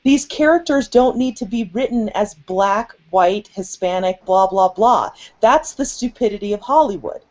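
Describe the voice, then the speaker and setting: A woman's voice: mid-range voice, lively intonation, normal speed, few pauses, a little mellow. A woman speaking emphatically in a casual group discussion, stating strong opinions. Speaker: panelist. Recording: dull lo-fi recording.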